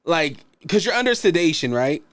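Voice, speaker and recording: A man's voice: fairly high pitch, very animated, moderate pace, a bit bright, clean tone, no echo. A man on a casual podcast, joking and reacting to his co-host's story. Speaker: podcast guest.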